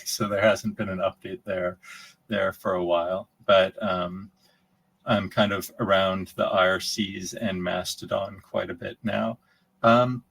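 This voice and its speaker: Low, husky-voiced man, rambling casual Q&A over a video call, restarts a lot. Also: low-quality recording. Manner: rambling, restarts and repeats words. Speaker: conference speaker answering questions. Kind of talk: casual Q&A chat.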